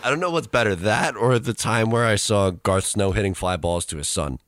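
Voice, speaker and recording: A man's voice: lowish voice, normal speed, a bit bright, no echo, clean studio sound. A young man co-hosting a casual chat, rambling through an anecdote and laughing as he tells it. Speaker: co-host, student radio reporter.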